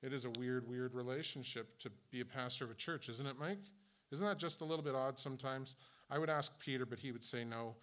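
A man's voice: medium pitch, fairly quick, fairly bright tone. A man in his fifties preaching a sermon as a church pastor, flippant and a little sarcastic, talking off the cuff. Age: 50s.

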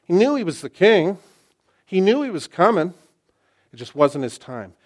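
Man, 60s, pastor mid-sermon; dynamic delivery, repeats lines for emphasis, loud-to-soft swings. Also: sits high, big pitch swings, normal speed. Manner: emphatic, swings from loud exclamations to hushed asides.

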